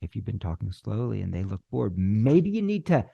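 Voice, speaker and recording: Male screenwriting teacher, middle-aged, gravelly voice, swooping lively delivery, dry close sound. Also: mid-range voice, no room sound, highs cut off. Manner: animated, uses deliberate pauses and acted-out dialogue. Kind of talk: instructional talk.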